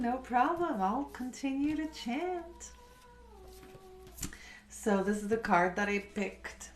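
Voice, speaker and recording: A woman with a non-native English accent, leading a slow, soothing guided meditation and oracle card reading. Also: mid-range voice, slight background noise. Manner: slow, soft and soothing, trailing off at phrase ends; giggles now and then. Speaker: chant and meditation leader. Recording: roomy echoey room.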